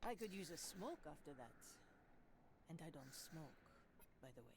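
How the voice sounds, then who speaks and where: A woman's voice: sits low, sing-song, moderate pace, background noise. A woman voicing a stern female project director, firm and dryly sarcastic, reading game dialogue aloud. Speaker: voice reader.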